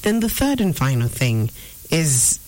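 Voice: medium pitch, sing-song, measured pace, darkish tone, rough recording. A preacher teaching an informal sermon, earnest and repeating phrases for emphasis. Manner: acts out inner voices in quotes. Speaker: preacher answering a viewer question.

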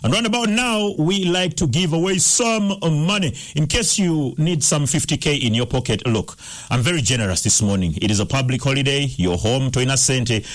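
Male breakfast radio host, slightly high voice, big swings in pitch, playful and teasing with callers. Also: normal speed. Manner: lively, teasing, switches into Luganda. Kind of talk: morning radio quiz call-in. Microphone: studio microphone.

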